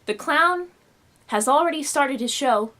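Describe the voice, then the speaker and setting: Animated young woman telling a story. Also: high-pitched, a little slow. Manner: animated, expressive storytelling with acted quotes. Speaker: vlogger. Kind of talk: personal storytelling vlog. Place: home room.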